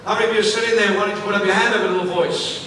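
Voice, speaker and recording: Guy giving a keynote on stage, keeps asking the crowd stuff, high voice, roomy far-off hall sound w faint background hum. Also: very fast. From Africa. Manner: energetic, repetitive, asks the audience questions. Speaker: motivational speaker. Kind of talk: live keynote speech to an audience. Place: large event venue, on stage. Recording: echoey hall, mic at a distance, faint ambience.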